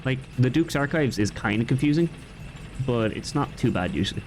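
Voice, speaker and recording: A man's voice: mid-range voice, animated, normal speed, darkish tone, a little hiss or hum. Rambling young Irish man streaming games. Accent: light Irish. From Ireland. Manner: rambling, chatty, reacts to chat and the game. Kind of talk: casual gaming commentary.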